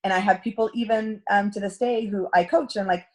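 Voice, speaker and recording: A woman's voice: medium pitch, fairly quick, hardly any pauses, darkish tone. A middle-aged woman coaching a direct sales team in a chatty storytelling talk, acting out quoted dialogue. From Canada.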